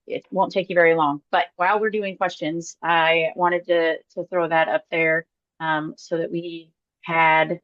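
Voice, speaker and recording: A woman's voice: on the low side, no room sound, dull audio. A woman moderating a webinar over a video call, speaking casually with lots of fillers. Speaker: event moderator.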